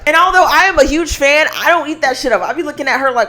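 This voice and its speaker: A woman's voice: high voice, expressive, fast talker, few pauses, bright, forceful tone. A young woman giving a blunt, emphatic, slangy commentary rant to the camera. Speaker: commentary vlogger.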